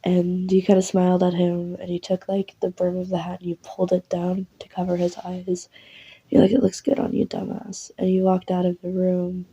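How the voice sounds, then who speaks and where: A woman's voice: on the low side, monotone, normal speed, mellow, husky, lo-fi sound. A woman casually narrating an audio role-play in second person, with lots of fillers and some swearing. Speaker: voice actor narrating.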